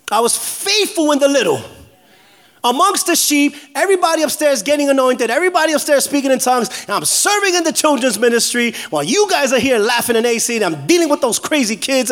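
A pastor in his forties preaches in a high, bright-pitched voice. He jokes with the congregation and shouts his declarations with energy. He is from New York. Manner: animated, joking, shouting declarations. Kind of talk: energetic sermon.

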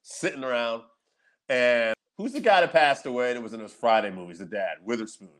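A man's voice: medium pitch, animated, brisk, a bit bright. Laughing, rambling male podcast co-host. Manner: loose, rambling, laughs a lot, swears casually. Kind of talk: casual chat.

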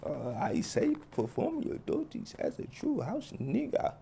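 Man playing a prim formal gentleman, raised pitch, sing-song, keeps apologizing. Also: wildly swooping pitch, a little slow, creaky, slight background noise, heavily acted. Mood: prim politeness. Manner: stiff, overly formal, apologetic. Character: overly polite formal man, insulting with courtesy. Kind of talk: comedy skit voices.

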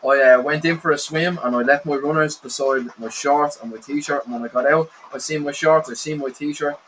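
A man co-hosting a casual podcast, laid-back and quick to laugh. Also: a little high, steady tone, fairly bright tone, slight background noise, poor audio. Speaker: podcast co-host.

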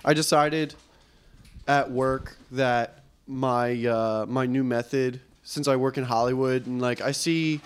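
A man's voice: mid-range voice, steady tone, takes it slowly, smooth. A young man co-hosting a podcast, chatting casually and telling playful joking stories. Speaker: podcast co-host. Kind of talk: casual chat.

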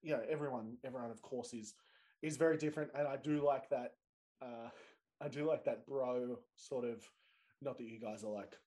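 Man, podcast host, joking, warm, casual chat. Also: medium pitch, fairly even intonation, normal speed. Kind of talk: casual conversation.

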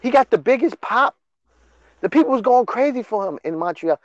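A man hosting a casual wrestling recap podcast, excitable and full of restarts. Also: extremely high pitch, brisk, no echo, lo-fi sound. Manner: excitable, repetitive, stumbling restarts. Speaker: podcast host.

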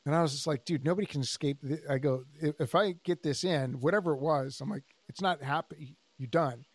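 Animated man telling grappling stories. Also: on the high side, a little fast, dry recording. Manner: animated storyteller, acts out quoted dialogue. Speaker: jiu-jitsu instructor and podcast co-host. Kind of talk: casual podcast chat.

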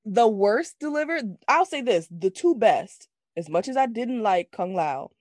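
A woman co-hosting a casual movie review chat, animated and slangy, laughing often. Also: mid-range voice, a little slow, no echo, clean studio sound. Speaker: podcast co-host.

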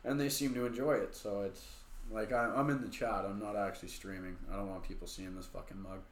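A man's voice: on the low side, fairly even intonation, fairly quick, reverberant, slight background noise. A man co-hosting a podcast, telling long stories in casual, profane chat. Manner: profane, rambling storytelling. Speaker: podcast co-host.

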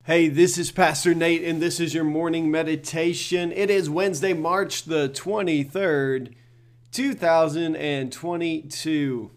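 A man's voice: a little high, steady tone, unhurried. A middle-aged male pastor giving a devotional talk in an earnest, conversational way, often repeating words as he thinks.

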